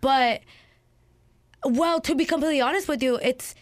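A young woman from a Mexican family tells a lively story, often breaking into laughter. Her voice is a touch high, recorded dry and close. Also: normal speed, no echo. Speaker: podcast co-host. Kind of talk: casual chat.

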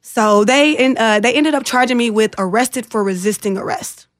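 Interviewed as a guest, a woman with a fairly high voice speaks at normal speed with no room sound. She earnestly and emotionally recounts a distressing personal experience, acting out other people's words in animated voices.

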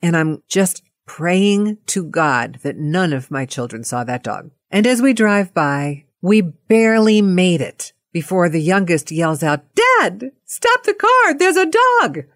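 Middle-aged woman, playful storyteller, lively swooping voice, lowish, dry close sound. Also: unhurried, hardly any pauses, no echo. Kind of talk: personal anecdote monologue.

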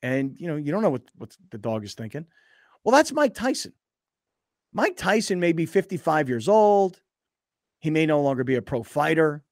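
A sports radio host with a fairly high voice that swings up and down as he tells his stories. He acts out little scenes, and the studio sound is dry and close. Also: normal speed, no echo. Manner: animated storytelling, acting out scenes. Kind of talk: casual sports talk.

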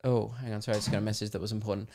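A man's voice: lowish voice, very fast. An Australian man hosting a podcast, telling a story casually with lots of swearing and laughter. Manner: animated, swearing, joking. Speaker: podcast host and comedian.

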